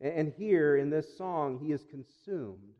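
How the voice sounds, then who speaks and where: A man preaching a sermon in an earnest, emphatic way, repeating phrases and slowing down for weight. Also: a little high. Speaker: pastor. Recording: dull sound with long reverb.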